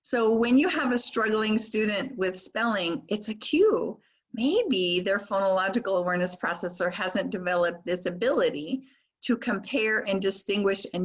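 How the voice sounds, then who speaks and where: An older woman giving a teacher training lecture on reading skills, slowly sounding out words and their sounds. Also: medium pitch, dull audio. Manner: slow, deliberate modeling of speech sounds. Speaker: literacy trainer.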